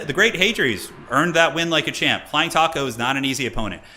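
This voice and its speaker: Male streamer-caster, chatty live commentary, lively pitch swings, bright forward tone. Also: a little fast, few pauses. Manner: animated, chatty, talks to viewers in chat.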